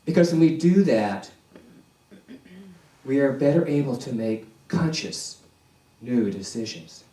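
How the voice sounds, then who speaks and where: A male minister preaching a sermon in a slow, deliberate way, repeating key phrases for emphasis. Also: medium pitch, animated, mellow. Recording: echoey church hall, distant mic.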